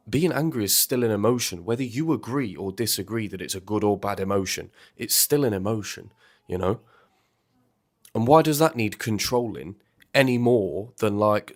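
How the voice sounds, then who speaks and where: A man hosting a music reaction video, chatting in an animated, rambling way and swearing freely. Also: lowish voice. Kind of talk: casual reaction commentary.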